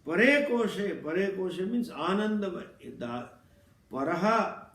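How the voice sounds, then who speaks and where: A man giving a scripture lecture as a spiritual teacher, speaking slowly and deliberately and explaining Sanskrit terms. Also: high-pitched, lively intonation, a bit bright, roomy sound.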